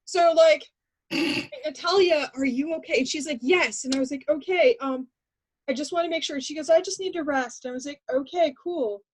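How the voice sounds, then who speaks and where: A woman co-hosting a casual chat, telling animated stories with frequent restarts and laughter. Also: high-pitched, normal speed, poor audio. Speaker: podcast co-host.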